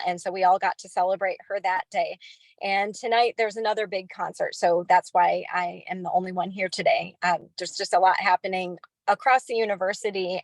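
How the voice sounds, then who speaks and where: A woman's voice: mid-range voice, dry recording, poor audio. Woman professor, dry close sound, proud and chatty about her student. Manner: chatty, proud, long run-on sentences. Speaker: music professor. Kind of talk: speaking on behalf of a student.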